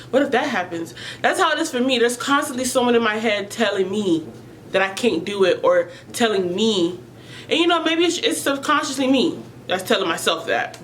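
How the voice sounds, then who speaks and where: A woman's voice: medium pitch, fairly bright tone, slight background noise, rough recording. A woman vlogger talking earnestly and emotionally to her viewers about mental health, often repeating herself as she searches for words.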